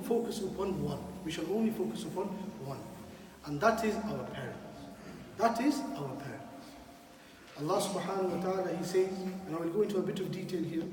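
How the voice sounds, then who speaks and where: A man's voice: high-pitched, a little mellow, a little hiss or hum. A man giving a sermon as imam in a mosque, emphatic, repeating key phrases and putting questions to the audience. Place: mosque hall. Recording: echoey hall, from far off.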